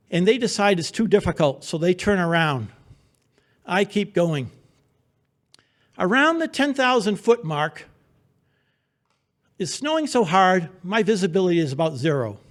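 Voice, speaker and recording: A man with a noticeably high speaking voice tells a true adventure story in front of a theater audience. His delivery is wry and humorous, narrating in a vivid present tense that pulls listeners into the moment. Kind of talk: live personal storytelling on stage. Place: theater stage before an audience.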